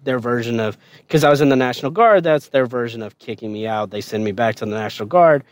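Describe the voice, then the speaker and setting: A man's voice: mid-range voice, fast, dry recording. A man casually telling a story on a podcast, swearing often and laughing.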